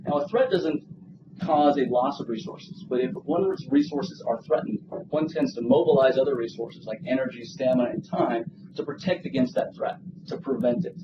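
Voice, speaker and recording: A man giving an academic job talk and answering questions in a seminar room, explaining earnestly with small restarts. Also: mid-range voice. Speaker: job candidate presenting research. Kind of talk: academic presentation with Q&A. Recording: distant, dull lo-fi with room noise.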